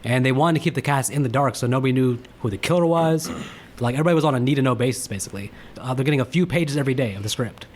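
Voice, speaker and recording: A man's voice: mid-range voice, very fast, a little hiss or hum. A man co-hosting a casual movie podcast, chatty and rambling as he shares film trivia. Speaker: podcast co-host.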